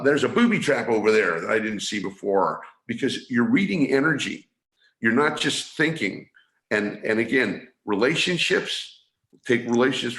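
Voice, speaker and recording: A man's voice: medium pitch, fairly bright tone. A man from San Francisco, a guest on a video call, earnestly explaining his training and often restarting his phrases. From San Francisco, USA. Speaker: guest, energy awareness trainer. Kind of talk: explanatory interview talk. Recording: roomy video call audio.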